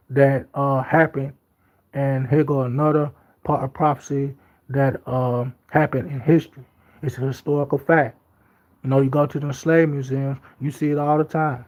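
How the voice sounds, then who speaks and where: In a casual talk, a man reads Bible passages aloud and follows with loose, everyday commentary, emphatically repeating points. His mid-range voice is level and darkish at a moderate pace, captured in slightly dull lo-fi sound.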